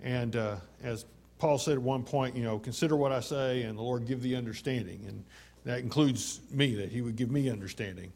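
A man preaching a sermon, slowing down to stress quoted scripture, with frequent "uh" fillers. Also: medium pitch, a little mellow. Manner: measured and emphatic, slowing down on scripture; many fillers.

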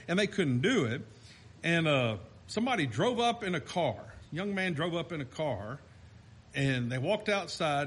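A man's voice: on the high side, fairly bright tone. A man preaching a sermon, fervent and rising and falling, with frequent restarts.

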